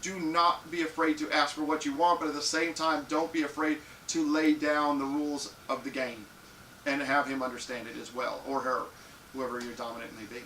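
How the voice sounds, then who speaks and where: A man hosting a live show, giving crude, frank advice to viewers and acting out loud little scenes. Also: a little high, flat delivery, normal speed, far from the mic. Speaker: live show host answering viewer questions. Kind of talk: casual live-stream advice talk. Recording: echoey room, off-mic, faint hiss.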